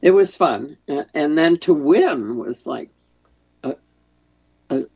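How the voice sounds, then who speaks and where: Older actress, gravelly voice. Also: female voice, deep voice, expressive, takes it slowly. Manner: warm, rambling, many restarts. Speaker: actress guest. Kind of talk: casual interview chat.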